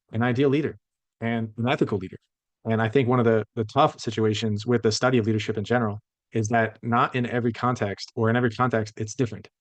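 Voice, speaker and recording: A male professor talks his class through a lecture at a fast clip, thinking out loud and often correcting himself mid-sentence. His voice sits at a middling pitch and sounds close and dry, with no room echo. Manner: conversational, reflective, self-correcting.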